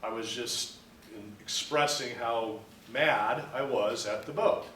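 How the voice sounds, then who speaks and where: A man's voice: mid-range voice, slow pace, a bit bright, a little hiss or hum. A man giving a business law lecture, explaining terms step by step and acting out a story to make a point. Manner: explains with acted-out anecdotes. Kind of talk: classroom lecture. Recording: roomy, mic at a distance.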